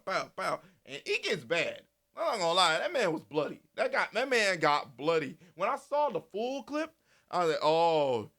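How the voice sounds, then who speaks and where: A man giving casual, animated commentary, repeating himself and swearing freely. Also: high voice. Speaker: commentary channel host.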